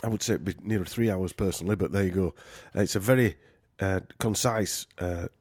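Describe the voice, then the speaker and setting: A man with a Yorkshire accent, rambling through a casual podcast chat. His voice sits a little low, and it is recorded close and dry with no room sound. He jokes around and leans on fillers and restarts. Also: fairly quick, darkish tone, breathy edge, no room sound. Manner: rambling, joking, many fillers. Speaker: podcast host.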